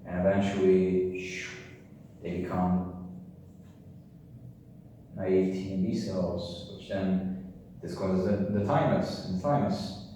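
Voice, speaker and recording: A man's voice: sits low, fairly even intonation, takes it slowly, long pauses, mellow. A tired young man, a medical student, thinking aloud as he explains concepts at a chalkboard, rambling and joking to himself and trailing off mid-sentence. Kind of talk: casual thinking-aloud lecture. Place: room with a chalkboard. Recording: very echoey room, mic far off, faint hiss.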